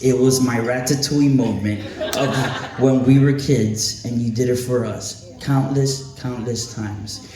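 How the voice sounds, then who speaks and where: A man from the Miami area speaks in a chatty, joking way, giving a tribute speech to a former teacher. His voice sits at a middle pitch and rings around a roomy hall. The mic is some way off, with a crowd murmuring behind him. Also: recorded from a distance. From Miami area, Florida. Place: hotel banquet hall.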